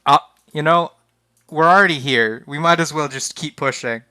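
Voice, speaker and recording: A man's voice: fairly high pitch, moderate pace, bright, forceful tone, smooth, no echo. A young man streaming a text adventure game, reading the game text aloud in a casual, flustered way and often laughing. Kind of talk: casual live-stream commentary.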